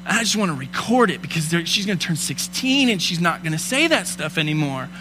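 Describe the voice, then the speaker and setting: A man in his thirties preaching a sermon, telling personal stories and rising from hushed asides to loud, fervent preaching. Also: fairly high pitch, sing-song, brisk, background noise. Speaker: pastor.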